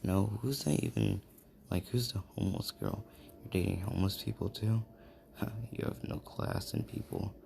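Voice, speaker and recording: A man's voice: sits low, moderate pace, creaky, a little mellow, slight background noise, voice pushed up. A man voicing a rude young male bully who mocks and taunts. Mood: sneering. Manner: mocking, taunting.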